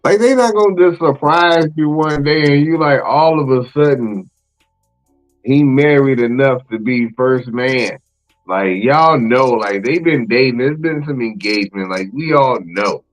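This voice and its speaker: A man hosting a podcast in casual chat, animated and slangy, exclaiming and laughing often. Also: mid-range voice, unhurried, soft background music, rough recording. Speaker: podcast host.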